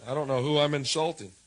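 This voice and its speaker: A man performing a stand-up routine in a wry, sardonic way, swinging between low mutters and loud jabs. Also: rough recording. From United States. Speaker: stand-up comedian.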